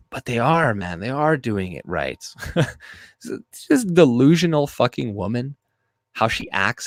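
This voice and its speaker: A man's voice: lowish voice, dry recording. A man hosting a livestream, reading chat aloud and ranting in a crude, rambling, profane way.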